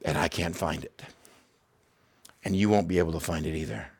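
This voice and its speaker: A man's voice: rumbling low, a little fast, breathy edge. A middle-aged man preaching a sermon as pastor, earnest and emphatic, repeating key phrases and dropping in casual asides.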